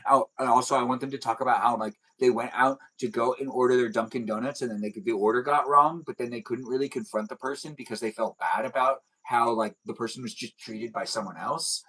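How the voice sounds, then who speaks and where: A man's voice: medium pitch, fairly bright tone, breathy edge, low-quality recording. A young man hosting a casual livestream, chatting and joking in a rambling, self-deprecating way as he answers viewers. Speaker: livestream host. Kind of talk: casual chat reading viewer comments.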